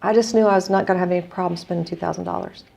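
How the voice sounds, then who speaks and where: A middle-aged woman from the United States tells a heartfelt story as a guest, reflective and earnest. Her voice is deeply gravelly with a mellow, dark tone. Faint noise hums underneath. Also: steady tone, very fast. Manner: earnest, reflective storyteller, quoting others in dialogue. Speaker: guest, non-profit executive director. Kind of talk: conversational storytelling.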